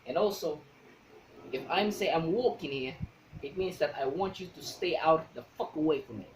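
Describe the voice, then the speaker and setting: Man putting on a New York tough guy, brash, threatening, raised voice, higher pitch. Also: moderate pace, a little hiss or hum, close to an everyday voice. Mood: menacing. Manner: aggressive, swaggering.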